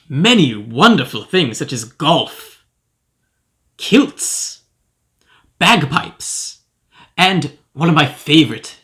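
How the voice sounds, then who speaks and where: A man with a fairly high, bright, forceful voice hosts a comedic cereal review, exaggerating his delivery as a pompous, self-important professor in a character monologue.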